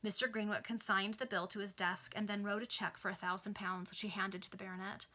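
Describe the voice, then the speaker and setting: Bright-voiced woman reading a novel aloud. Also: mid-range voice, level tone, fast talker. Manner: plain narration with offhand asides. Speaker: reader. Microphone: video call.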